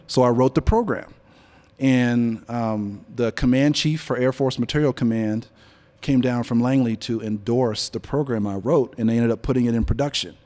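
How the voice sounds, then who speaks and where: A man in his forties, a business leader speaking before a live audience in an on-stage interview, telling stories in a relaxed, conversational way and getting animated when he quotes other people. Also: medium pitch, moderate pace. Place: event venue before an audience.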